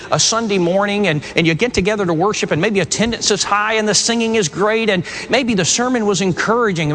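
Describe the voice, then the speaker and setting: Earnest preacher guy, kinda high voice, repeats little words, big echoey church hall sound. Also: a bit bright, slight background noise. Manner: earnest, conversational, repeats words when starting phrases. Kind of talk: sermon. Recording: long hall reverb.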